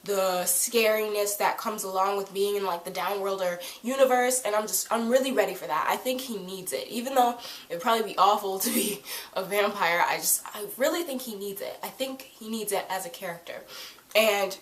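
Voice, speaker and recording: A woman giving a casual fan review of a TV episode, excitable and gushing, swearing freely. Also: medium pitch, moderate pace. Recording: echoey room.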